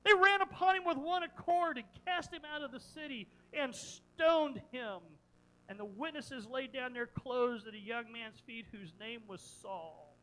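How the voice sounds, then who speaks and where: High-pitched emphatic preacher. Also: a little slow, low-quality recording. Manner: emphatic, dramatic retelling with repeated phrases; swings from loud preaching to quiet earnest questions. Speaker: pastor. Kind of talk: sermon.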